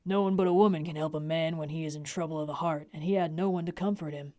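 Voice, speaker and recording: A woman voicing a kindly, brave man in a storybook reading, speaking softly and plainly. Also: low-pitched, fairly even intonation, quick pace, dry recording, clean studio sound, natural voice. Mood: gentle.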